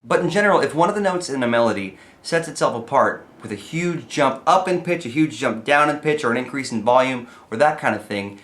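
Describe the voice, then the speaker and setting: A man's voice: mid-range voice, expressive, a little fast, few pauses, a bit bright. A young man giving a playful, comedic lesson on writing song lyrics, sometimes singing his examples. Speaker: songwriting teacher.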